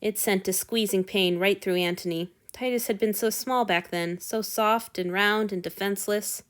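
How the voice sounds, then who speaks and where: A woman reading fan fiction aloud with expressive storytelling narration. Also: medium pitch, normal speed, clear, resonant tone. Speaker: audiobook reader.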